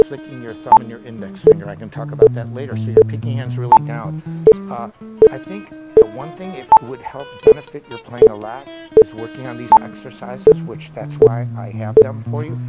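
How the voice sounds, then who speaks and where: A man's voice: medium pitch, poor audio. A middle-aged man giving a guitar lesson in a casual, rambling way, full of anecdotes and asides. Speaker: guitar teacher. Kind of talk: casual one-on-one lesson talk. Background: loud electric guitar playing.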